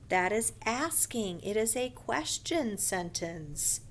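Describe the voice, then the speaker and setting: A woman teaching a first grade grammar lesson in a slow, patient voice, and now and then she whispers a quick aside to herself. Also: slight background noise. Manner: slow, patient teacher voice, sometimes lifts her pitch to show an excited sentence. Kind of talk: recorded online grammar lesson.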